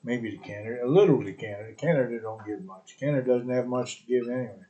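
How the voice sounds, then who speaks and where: A man rambles through his own live stream, swearing freely and trading in sarcasm. His voice sits in an ordinary middle pitch. The sound is dull and lo-fi, like a home stream setup. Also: quick pace, mellow. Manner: crude, profane, rambling and sarcastic. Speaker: podcast host. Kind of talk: solo live stream chat.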